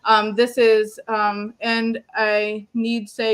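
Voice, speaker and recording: A woman with a slightly high voice runs a live psychic card reading. She talks in a loose, chatty way, padding with ums and calling each viewer "my love". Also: completely flat delivery, takes it slowly, a bit bright, clean tone.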